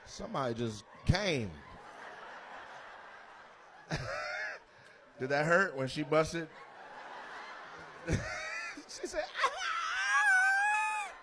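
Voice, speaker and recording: A man doing stand-up crowd work in a comedy club, loud and teasing, and slipping into playful mock voices. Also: a little high, very animated, extremely slow, long pauses, noisy background. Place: comedy club stage before a live audience.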